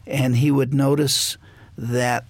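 A man's voice: mid-range voice, little pitch movement, slow, no echo. An older man hosting a Christian talk show, speaking in an earnest, reflective way.

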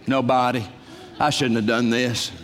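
Older preacher in an echoing hall. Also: male voice, mid-range voice, moderate pace, noisy background. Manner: storytelling, folksy, breaks into laughter and loud exclamations. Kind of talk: humorous sermon.

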